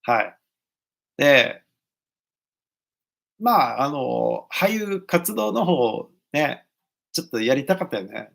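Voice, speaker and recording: A man's voice: mid-range voice, big pitch swings, unhurried, creaky, long pauses, a bit bright. A man with an American accent, talking casually as an English teacher and actor, full of "like"s and switching between English and Japanese. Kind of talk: casual talking-head advice vlog.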